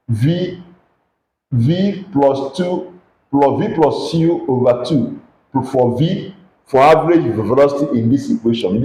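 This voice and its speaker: A man's voice: mid-range voice, dark tone, reverberant, poor audio. A man with a Nigerian English accent teaching a physics lesson, questioning students and coaxing them to answer aloud. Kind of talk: classroom lesson with call-and-response questions.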